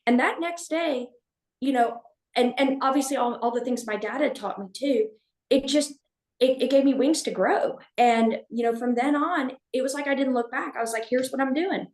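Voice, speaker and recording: A woman's voice: sits high, a little mellow. A woman telling a personal story as a podcast guest, speaking candidly, with many restarts and fillers. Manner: halting, with frequent restarts and fillers. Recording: echoey room.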